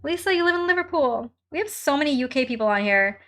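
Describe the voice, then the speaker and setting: A woman's voice: high-pitched, expressive, quick pace, fairly bright tone. A young woman hosting a casual live stream from home while crafting, chatting with viewers and reading their comments aloud in a bubbly way, laughing often.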